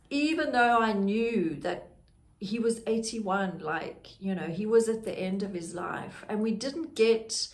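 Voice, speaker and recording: A middle-aged woman, a podcast host candidly telling her personal story in a reflective way. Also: medium pitch. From South Africa. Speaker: podcast host, grief guide.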